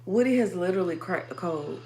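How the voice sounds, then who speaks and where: A woman's voice: lowish voice, expressive, brisk, darkish tone, a little hiss or hum. A woman hosting a spiritual livestream sermon, speaking in with emphatic, repetitive affirmations and profanity.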